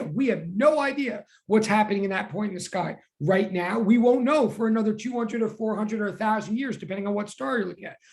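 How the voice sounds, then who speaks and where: Chatty man teaching physics online. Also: high voice. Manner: chatty, animated, reads chat aloud. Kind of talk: online class lecture.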